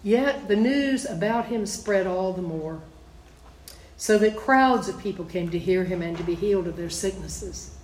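A woman's voice: mid-range voice, lively intonation, unhurried, darkish tone. A woman teaching a Bible study, reading scripture aloud and then explaining it in plain, conversational asides. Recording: echoey room.

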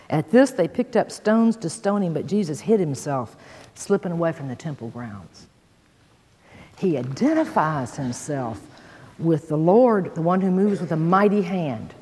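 A woman leads a sermon, reading scripture aloud with bold emphasis and dropping folksy asides to her listeners. Her voice swings widely in pitch. Long reverb trails her words. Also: animated, moderate pace, warm tone, breathy edge. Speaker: Bible teacher.

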